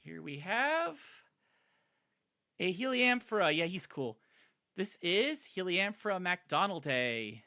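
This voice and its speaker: A man's voice: high-pitched, very animated, takes it slowly, bright, forceful tone. A man chatting casually on a live stream, rambling and enthusiastic, with lots of fillers. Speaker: streamer showing his plant collection.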